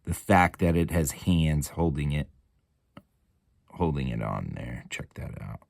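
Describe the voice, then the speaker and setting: A man in his forties talks casually in a home hobby room, relaxed and loose, dropping swear words and tag questions. His voice sits very low. The sound is dry and close, with no room echo. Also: measured pace, gravelly. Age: 40s. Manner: laid-back, chatty, swears freely, keeps asking "right?". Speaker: miniature hobby channel host. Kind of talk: casual show-and-tell chat.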